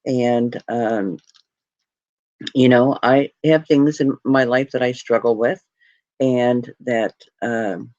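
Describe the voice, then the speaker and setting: A jewelry live stream host talks slowly to her viewers in a very deep, darkish voice with fairly even intonation. The casual chat is heartfelt, grateful and rambling, and she's tearing up, close to tears. The recording is dry, muffled and lo-fi.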